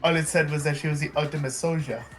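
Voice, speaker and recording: A cold, haughty rich schoolboy who speaks in a measured, superior tone, as a player reads him out. He is delivered from a game script in a mid-pitched voice. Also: steady tone, faint music behind, natural voice. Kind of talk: reading a game aloud in character.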